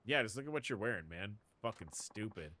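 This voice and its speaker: A man's voice: fairly low pitch, animated, brisk, pushed and bright, pitched below the performer's own voice. A man voicing a mocking young male gang thug in a sneering, contemptuous tone.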